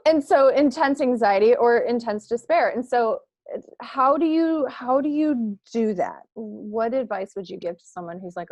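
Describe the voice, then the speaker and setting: A woman hosting an interview, asking thoughtful, measured questions over a video call. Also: fairly high pitch, animated, a little mellow, no room sound. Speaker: host.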